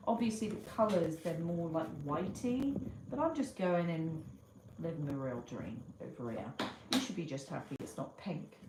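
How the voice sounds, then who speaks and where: A woman chatting casually to viewers during a live stream while she draws, muttering to herself and greeting them brightly. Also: low-pitched, animated, normal speed. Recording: echoey room with clear background noise.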